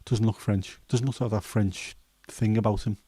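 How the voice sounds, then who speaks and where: A man in his fifties with a Scouse accent and a hoarse throat, hosting a casual chat livestream in a rambling, jokey way with many fillers. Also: fairly low pitch, steady tone, normal speed, warm tone, no room sound. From Liverpool, England. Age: 50s. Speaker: livestream host.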